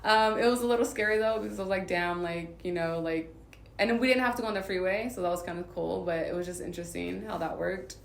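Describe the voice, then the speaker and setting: A woman's voice: on the low side, fairly even intonation, fast talker, creaky, slight background noise. Woman rambling through a story, roomy echo. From Southern California. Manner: rambling, filler-heavy retelling. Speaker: vlogger. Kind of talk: casual storytelling.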